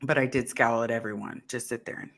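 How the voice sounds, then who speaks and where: A man's voice: mid-range voice, fairly even intonation, fast talker, creaky, a bit bright. A man in casual conversation, telling an earnest story on a live stream and acting out his own thoughts. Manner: earnest, storytelling with acted asides.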